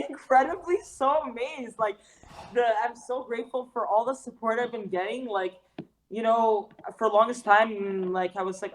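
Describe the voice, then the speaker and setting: On a rough recording with a little hiss or hum, this young Canadian guest, who trains people in fitness and makes art, talks loosely in a mid-range voice, swearing and using slang and fillers freely.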